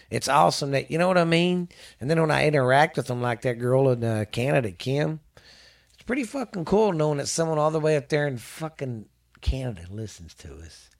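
A man's voice: mid-range voice, gravelly. A man from Texas hosting a casual podcast, rambling, swearing and restarting sentences. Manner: rambling, profane, restarts often. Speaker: podcast host.

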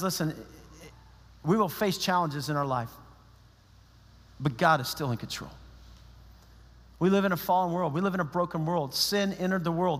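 A pastor delivers his sermon in a chatty, lively way, slipping into quoted asides from the people he describes. His voice sits high for a man, and the sound carries the long reverb of a church sanctuary. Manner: conversational, animated preaching with quoted asides.

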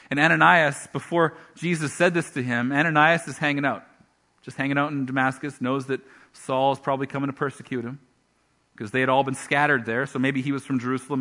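A male pastor preaching a sermon, telling a Bible story with animated storytelling and acted-out voices. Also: medium pitch.

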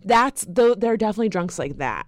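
Animated woman podcast co-host. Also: mid-range voice, quick pace, no echo. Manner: animated, mimics people in loud squealing voices. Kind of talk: casual chat.

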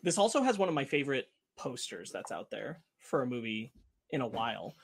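A man's voice: medium pitch, very animated, a little fast, vocal fry, slightly rough. A man hosting a casual podcast, talking eagerly about movie trailers with a loose, rambling manner. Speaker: podcast host.

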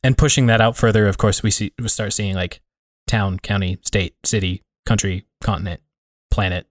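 Man, podcast co-host, low voice, reflective, rambling, dry recording. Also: fairly even intonation, moderate pace, no room sound. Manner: reflective, rambling, many fillers. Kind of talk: casual conversation.

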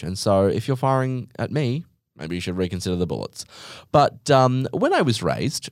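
A man's voice: fairly low pitch, dry recording, clean studio sound. A young man hosting a podcast, ranting comically with sarcasm, exaggeration and swearing. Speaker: podcast host. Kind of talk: comedic monologue rant.

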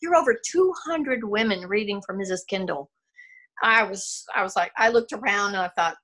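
An older woman talking on a video call as an interview guest, reflective and halting, laughing often. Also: mid-range voice, lively intonation, fairly bright tone. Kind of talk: casual interview conversation.

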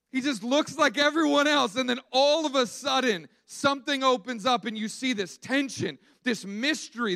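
A man preaching a sermon in an animated storytelling way, acting out the quotes he tells. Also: very high voice, no echo.

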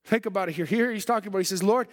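A man pastor delivers a sermon in a very high voice, swinging between driven, loud stretches and hushed ones. The church hall around him rings with a long reverb. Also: racing. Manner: fervent preaching, swinging between loud and quiet.

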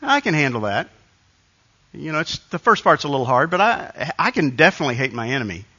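Male pastor, conversational sermon, bright forceful tone, slightly dull lo-fi sound. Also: a little high, big pitch swings, brisk, husky. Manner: conversational, self-deprecating storytelling with restarts.

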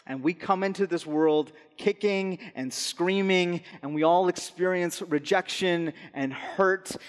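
Man preaching in a reverberant hall. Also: on the high side. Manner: earnest, slow and soft on key phrases. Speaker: pastor. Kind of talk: sermon. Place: church hall. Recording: long reverb in a large hall.

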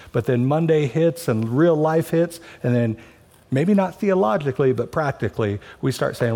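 A man's voice: mid-range voice, darkish tone. A male pastor preaching a sermon in a conversational way, with joking asides to the congregation.

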